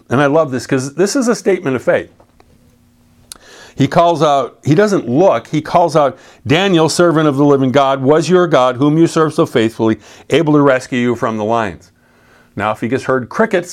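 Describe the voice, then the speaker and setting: A man preaching a casual sermon, reading scripture aloud and explaining it in a plain, conversational way. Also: mid-range voice. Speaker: pastor.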